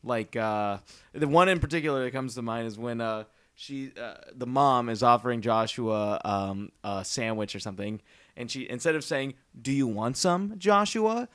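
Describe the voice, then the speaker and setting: A man in casual chat about a bad movie, laughing often and talking in a jokey, lively way. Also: mid-range voice, normal speed, clear, resonant tone.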